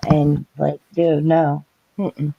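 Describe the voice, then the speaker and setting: A woman's voice: deep voice, flat delivery, slow pace, creaky, breathy edge, no echo, highs cut off. A woman on a casual online panel talking bluntly, swearing and laughing as she tells what happened. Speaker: panel guest. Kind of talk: casual chat.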